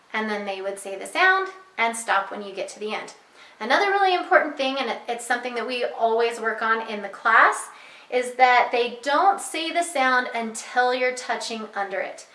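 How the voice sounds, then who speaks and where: A young woman teacher speaks patiently and clearly, walking parents through a reading lesson and slowing down to model each sound. Her voice is bright and a little high. The room gives it a noticeable echo. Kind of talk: instructional walkthrough for parents.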